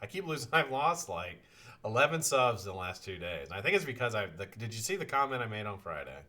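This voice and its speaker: Lively, bright-voiced male stream host. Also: on the low side, quick pace. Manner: greets chat viewers one by one, swings from loud to muttering, swears freely. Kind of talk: casual live stream chat.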